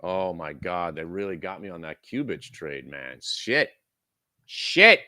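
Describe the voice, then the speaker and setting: A man's voice: sits low, animated, unhurried, pushed and bright. Frantic swearing male trading host. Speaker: stock trading room host. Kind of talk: live market commentary.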